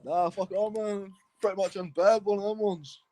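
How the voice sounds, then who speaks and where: High-voiced Glaswegian man, crude and blunt. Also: fairly even intonation, normal speed, warm tone, no echo. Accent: Glaswegian Scottish. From Glasgow, Scotland. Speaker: caller on a livestream. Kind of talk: casual chat.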